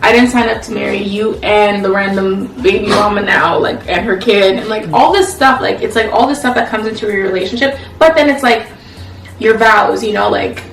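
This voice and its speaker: A woman's voice: medium pitch, normal speed, creaky, soft background music. A woman, co-hosting a casual relationship chat over a meal, chatty and full of "like" fillers. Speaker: co-host of a couple's channel. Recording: echoey room, mic at a distance.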